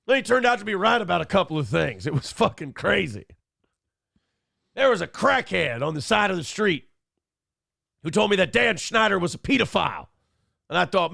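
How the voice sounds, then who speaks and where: A man hosting a morning talk show, swearing freely and jumping into loud impressions of others. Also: sits high, fairly quick, gravelly, no echo, studio quality. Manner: profane, animated, mimics others in loud bursts. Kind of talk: casual podcast commentary.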